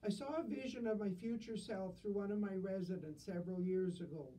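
A woman's voice: mid-range voice, a little fast, dark tone, recorded from a distance, low-quality recording. An older woman reading humorous stories with dry, self-deprecating wit.

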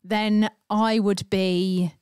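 A woman co-hosting a casual chat podcast, animated, with stammering restarts and dramatic retellings. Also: medium pitch, drawn-out words, clean tone, no room sound, studio quality. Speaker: podcast co-host.

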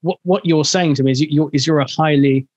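A man's voice: on the high side, steady tone, fast talker, a little mellow, dry recording. A man hosting an interview, asking long, meandering questions with many fillers and restarts. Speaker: interview host. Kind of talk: conversational interview. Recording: dry, dull lo-fi sound.

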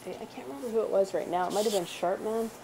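A woman's voice: medium pitch, very fast, vocal fry, background noise. A woman hosting a script read stream in casual chat. She is chatty, laughs often and drifts into rambling asides.

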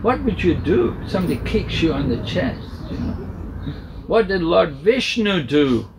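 A man's voice: high voice, big pitch swings, normal speed, background noise. A man, a swami, telling a sacred story at a home gathering in a patient, repetitive way. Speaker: swami, spiritual teacher. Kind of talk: storytelling sermon.

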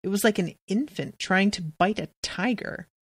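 A woman hosting a podcast talks through a fantasy novel chapter by chapter, swearing freely and jumping into quick voices for the characters. Her pitch sits mid-range and the recording is dry and close, with no room sound. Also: husky, dry recording. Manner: animated, profane, jumps into quoted voices. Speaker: podcast host. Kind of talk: casual book recap with readings.

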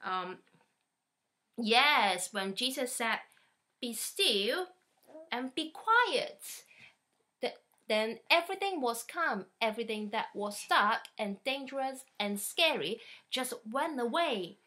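Reading a storybook to a small child at home, this woman speaks slowly in a slightly high voice. Her delivery of the picture book is lively, animated and playful.

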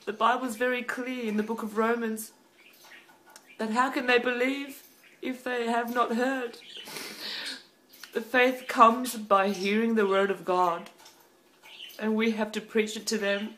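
A woman's voice: fairly high pitch, little pitch movement, a bit bright, a little hiss or hum. Fervent woman preaching prophecy. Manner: fervent, emphatic, slows for solemn phrases; breaks into speaking in tongues. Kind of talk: impassioned prophetic video message.

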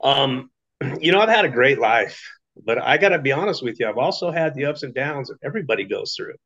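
Middle-aged man, mid pitch, storyteller type, loose conversational delivery, lo-fi sound. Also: expressive, brisk, a bit bright. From Las Vegas, Nevada. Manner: chatty storytelling with fillers and acted quotes. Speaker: business testimonial speaker. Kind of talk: casual personal story. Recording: dull lo-fi recording.

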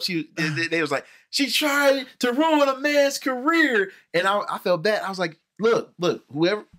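A man hosting a casual movie review chat, animated, repeating words and acting out the people he quotes. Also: a little high. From Cincinnati, USA. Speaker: podcast host.

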